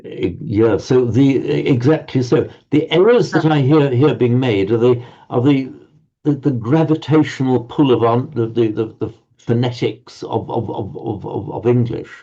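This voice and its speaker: Mellow-voiced man teaching pronunciation. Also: mid-range voice, normal speed. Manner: patient, corrective, repeats words while searching. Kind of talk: teaching pronunciation in a group class. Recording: dull lo-fi audio.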